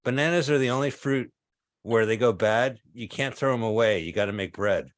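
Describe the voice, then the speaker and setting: Fifties male comic, mid-pitched, deadpan delivery of absurd jokes over a video call. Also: moderate pace, no room sound. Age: 50s. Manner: deadpan absurd one-liners. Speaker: stand-up comedian. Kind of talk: stand-up set.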